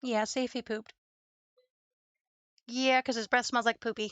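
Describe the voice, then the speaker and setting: A young woman chatting casually at home while studying, cooing baby talk to her dog in a creaky voice. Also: fairly high pitch, flat delivery, measured pace, fairly bright tone, no echo, muffled recording. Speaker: streamer. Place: home room with a desk and green screen.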